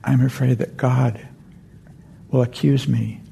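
A humble, dying old rabbi speaks in a low, gravelly, mellow voice, plain and unhurried, as a meditation teacher puts him on. The telling stays close to an everyday speaking voice. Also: male voice, flat delivery, slight background noise. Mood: earnest.

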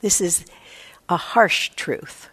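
A woman's voice: fairly low pitch, slow pace, fairly bright tone, slightly rough. A woman meditation teacher giving a reflective dharma talk, often voicing her own inner thoughts. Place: meditation hall.

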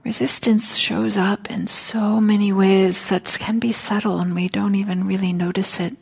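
A woman teaching a dharma talk at a meditation hall, speaking gently and reflectively, often dropping near a whisper, with casual fillers. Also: mid-range voice, steady tone, normal speed, vocal fry, husky.

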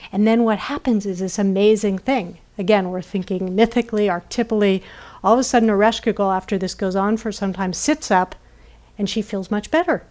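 Gentle woman giving a dharma talk. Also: medium pitch. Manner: gentle, often checks in with "right?", trails off softly. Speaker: meditation teacher. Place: retreat center.

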